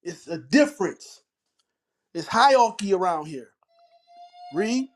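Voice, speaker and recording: Blunt high-voiced preaching man. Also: sing-song, slow, soft background music. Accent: African American Vernacular English. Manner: blunt, commanding, interjecting often. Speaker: teacher leading a scripture reading. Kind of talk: street preaching commentary.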